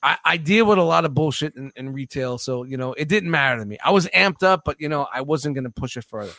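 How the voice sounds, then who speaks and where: A man's voice: on the high side, fast, vocal fry, no echo. A man on a podcast, telling a story in casual chat, swearing often and acting out the lines of the people in it. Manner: profane, animated, acts out quotes. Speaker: podcast co-host.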